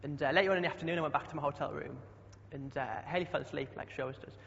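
A man's voice: on the high side, steady tone, very fast, vocal fry, fairly bright tone, a little hiss or hum. A young man preaching a chatty sermon, often asking the congregation questions. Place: church hall. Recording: dull sound with long hall echo.

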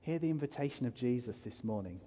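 A man's voice: medium pitch, animated, fast talker. A man preaching a sermon as a pastor, earnest and growing emphatic as he urges his listeners. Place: church hall. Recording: muffled hall reverb.

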